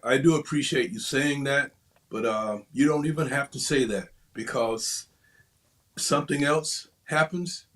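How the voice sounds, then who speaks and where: A man's voice: medium pitch, a little slow, fairly bright tone. A middle-aged man as a guest on an interview show, easygoing and laughing often. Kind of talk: casual interview chat.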